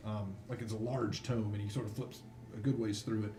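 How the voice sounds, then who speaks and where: A man's voice: on the low side, flat delivery, brisk, mellow, roomy sound, a little hiss or hum. A man narrating as game master in a tabletop game, casual and hesitant, with many fillers.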